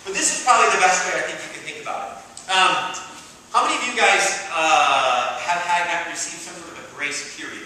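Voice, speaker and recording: A man's voice: sits high, expressive, brisk, sharp tone. A young man giving a casual, filler-heavy sermon to students, often asking "right?". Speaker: campus ministry speaker. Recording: echoey hall, distant mic, faint noise.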